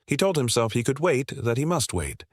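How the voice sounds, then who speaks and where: A man reading a scripted dramatic story as narrator, in an even, measured way. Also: medium pitch, no echo, studio quality.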